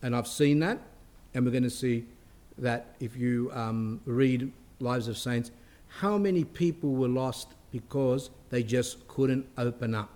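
A man's voice: medium pitch, measured pace, darkish tone. A middle-aged man, a priest, giving a spiritual talk in a conversational way, with restarts and asides.

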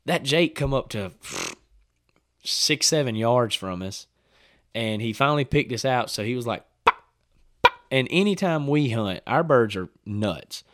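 A man with a drawl tells a hunting story in relaxed podcast chat, his voice mid-pitched and recorded dry and close. He acts out what people said with sudden bursts of excitement and laughter. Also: unhurried, no room sound. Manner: animated storyteller, acts out quotes, laughs often. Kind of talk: casual chat.

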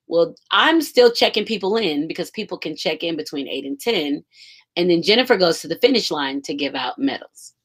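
A woman on a school staff tells a story in a loose, conversational way. Her voice sits a little low, and she sounds moved and animated, with a curse word here and there. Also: moderate pace, slightly rough. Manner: emotional, animated, casual with swearing. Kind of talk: casual storytelling.

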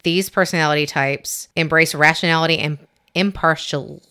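A woman's voice: sits low, fairly even intonation, pushed and bright, clear, resonant tone. A woman co-hosting a podcast, chatting casually and reading a personality test aloud with stumbles and giggles. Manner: chatty, reads haltingly with giggles and self-corrections. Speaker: podcast co-host.

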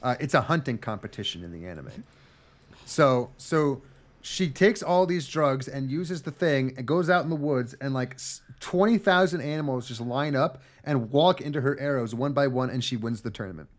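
A man on a casual comedy podcast, recapping a story with lots of swearing and quick, animated character voices. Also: mid-range voice. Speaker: podcast co-host.

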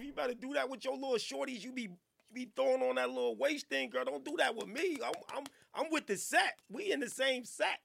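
A man hosting a radio podcast, riffing in casual, profane, animated banter. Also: very high voice, creaky. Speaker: radio show host. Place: radio studio.

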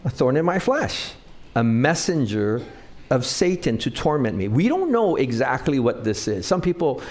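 A pastor preaching to his congregation in a relaxed, conversational way. His voice is mid-pitched for a man, and he keeps tossing questions to the listeners, then lifting his pitch to hit the words he wants them to remember. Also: moderate pace. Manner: conversational preaching with frequent call-and-response questions; pitch rises and falls for emphasis on key phrases. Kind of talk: sermon.

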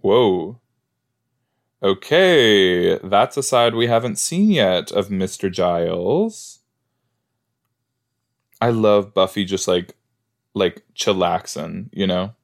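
Guy reacting to a show, low voice, laid back and slow, lots of likes and jokes. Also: animated, creaky. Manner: chatty, joking, thinks aloud with fillers. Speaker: podcast host. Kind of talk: casual watch-along reaction.

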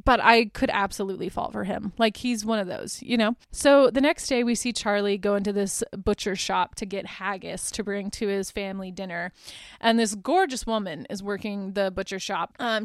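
A woman's voice: mid-range voice, clear, resonant tone, no echo, studio quality. A woman hosting a podcast, recapping a movie in a casual, chatty way, full of fillers and small laughs. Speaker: podcast host.

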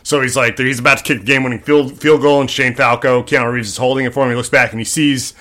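Bright-voiced man retelling a movie. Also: medium pitch, quick pace. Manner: animated storytelling, acting out film scenes with quoted voices. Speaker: podcast co-host. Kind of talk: casual chat.

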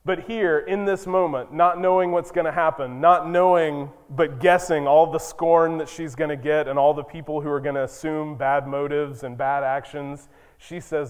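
A man's voice: fairly high pitch, steady tone, normal speed, hardly any pauses, clear, resonant tone. A male pastor preaching a sermon in a conversational, storytelling way with emphatic moments. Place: church sanctuary. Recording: long reverb in a church.

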